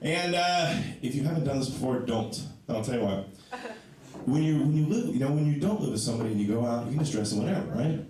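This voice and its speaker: A man doing a stand-up comedy set on a club stage, self-mocking and animated, acting out the people he quotes. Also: mid-range voice, quick pace. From Ohio. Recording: echoey club, distant mic, crowd noise.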